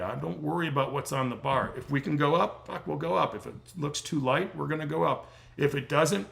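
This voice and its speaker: Creaky and a bit bright in the mid range, this middle-aged man's voice is giving out as he coaches during a livestream Q&A on strength training. He talks bluntly, cursing freely, and grows more worked up and emphatic.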